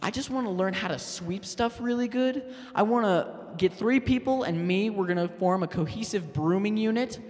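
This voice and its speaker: Halting deadpan comedian, high voice. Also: male voice. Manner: hesitant, halting delivery with fillers and restarts. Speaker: stand-up comedian. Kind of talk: deadpan stand-up set. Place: public access TV studio stage. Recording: long hall reverb.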